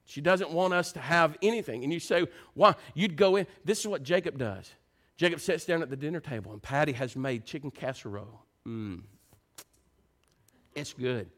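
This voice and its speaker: A man preaching a sermon, telling homey stories and slipping into soft, low, prayerful tones. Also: normal speed. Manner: folksy storytelling, swings loud and high into playful mimicry. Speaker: pastor.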